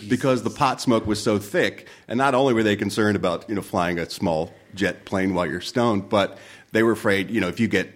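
A man's voice: on the low side, brisk. Man telling a story with easy laughter. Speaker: guest. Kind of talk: casual podcast chat.

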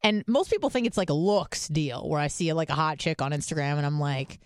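A woman's voice: low-pitched, fairly quick, dry recording, clean studio sound. A woman co-hosting a podcast, telling stories in casual chat and swearing freely. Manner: chatty storytelling, swears freely. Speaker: podcast co-host.

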